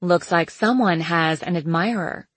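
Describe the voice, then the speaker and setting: A woman voicing a quiet, reserved grown woman. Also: fairly low pitch, unhurried, dry recording. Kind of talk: audiobook character voice.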